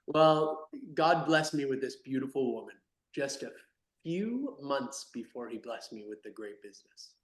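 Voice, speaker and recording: A man talks as an interview guest, lively and emphatic. His voice jumps between loud, excited peaks and quiet, low asides. The room sounds echoey around him. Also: a little slow. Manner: animated and emphatic, swinging between loud bursts and soft asides. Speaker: podcast guest, company founder. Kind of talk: energetic interview talk.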